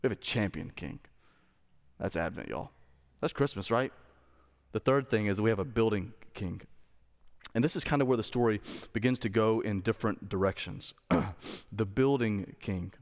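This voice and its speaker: A man's voice: lowish voice, normal speed, pauses often. A man preaching a sermon as pastor, conversational, asking the congregation rhetorical questions. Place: church sanctuary. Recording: long reverb of a hall.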